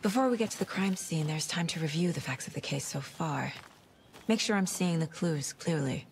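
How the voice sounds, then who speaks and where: A poised female FBI agent, methodical and direct. Her voice sits lowish for a woman and stays even. A faint hiss lies under it. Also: normal speed. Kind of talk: game dialogue and inner monologue.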